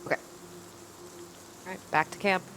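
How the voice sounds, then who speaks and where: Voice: slow, sharp tone, slight background noise. A tabletop game player in casual chat, blunt and playful, laughing often.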